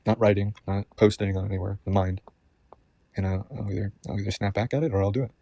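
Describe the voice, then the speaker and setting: Fast-talking, low-voiced man ranting. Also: fairly even intonation, gravelly, dark tone, dry recording. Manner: profane, agitated, repeats himself. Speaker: vlogger. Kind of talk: rambling personal monologue.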